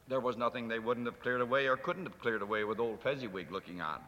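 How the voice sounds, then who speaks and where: A man reading a classic story aloud with dramatic expression, shifting from hushed to lively. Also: medium pitch, quick pace, hardly any pauses. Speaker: narrator. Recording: long hall reverb.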